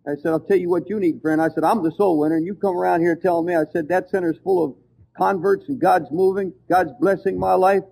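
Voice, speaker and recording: Fervent high-voiced male preacher. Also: steady tone, fast, gravelly, warm tone, slightly rough, poor audio. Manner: storytelling, fervent and emphatic. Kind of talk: sermon.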